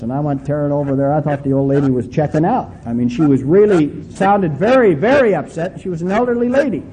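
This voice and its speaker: A male pastor preaching a sermon with emphatic, drawn-out stresses and a folksy storytelling manner. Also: a little high, lively intonation, mellow, slight background noise, low-quality recording.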